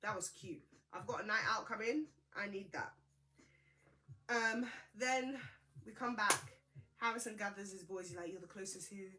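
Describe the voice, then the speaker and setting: A young woman hosting a casual reality TV recap, chatty and gossipy with expressive reactions. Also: medium pitch, unhurried, a little hiss or hum. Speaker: host.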